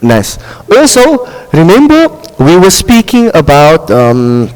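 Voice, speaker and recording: South African male recitation teacher, high-pitched, heard in a reverberant hall; interactive classroom delivery. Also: huge pitch swings, a little mellow. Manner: checks in with students constantly, models slow drawn-out recitation. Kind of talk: classroom tajweed lesson.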